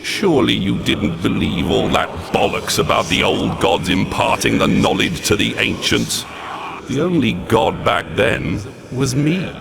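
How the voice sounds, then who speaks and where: An actor playing a malevolent demonic overlord in a video game, gravelly, theatrical and mocking. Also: male voice, medium pitch, background noise, exaggerated voice. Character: malevolent demonic entity, sneering male overlord.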